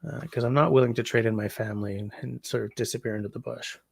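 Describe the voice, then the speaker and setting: A man from Canada in his forties hosts a casual livestream, tired and rambling, reading chat with plenty of ums. His mid-pitched voice has a gravelly grain. The sound is dry and close, with no room echo. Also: steady tone, quick pace. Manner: rambling, chatty, yawning, frequent ums.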